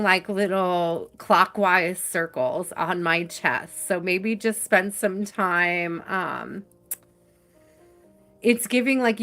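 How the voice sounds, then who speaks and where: Slow, soft-spoken woman reading tarot. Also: fairly low pitch. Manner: slow, soft and reassuring, with many fillers. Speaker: tarot reader. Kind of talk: live-stream tarot reading.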